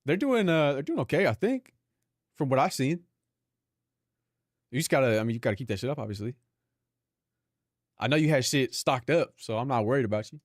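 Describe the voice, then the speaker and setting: A man's voice: medium pitch, expressive, a little fast, pauses often, dry recording, clean studio sound. A young Filipino man, a live streamer, chatting casually and profanely with his viewers, laughing often. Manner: loose, profane, laughing banter with chat.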